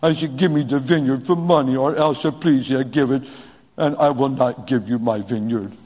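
A man's voice: mid-range voice, normal speed, a little mellow, breathy edge, in a large hall, pitched below the performer's own voice, close to an everyday voice. A preacher putting on a sulking, whining king. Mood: sulky. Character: sulking whining grown king, pouting to his wife.

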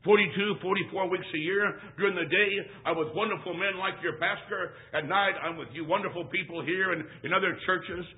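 A traveling evangelist preaches to a church in a folksy, animated manner. His voice sits high for a man and bursts into shouts. The recording is thin and tinny, like a phone line. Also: a little fast, few pauses. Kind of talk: sermon with humorous storytelling.

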